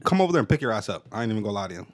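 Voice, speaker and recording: A young man talks in a slangy, loose way, swapping jokes and teasing asides with his co-host. His pitch rises and falls a lot, which gives the talk a bouncy, playful feel. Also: big pitch swings, racing. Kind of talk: casual storytelling chat.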